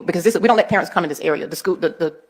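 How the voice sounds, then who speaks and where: A woman's voice: fairly low pitch, racing, faint music behind. A woman school officer testifying in court, giving short careful answers and plain explanations. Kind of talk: witness testimony.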